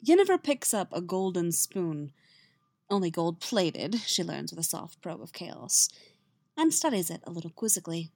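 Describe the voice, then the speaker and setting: Woman narrator for a story reading, lively delivery, dry close mic. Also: lowish voice, normal speed, no echo. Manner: lively, expressive reading with voiced dialogue. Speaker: fan fiction reader.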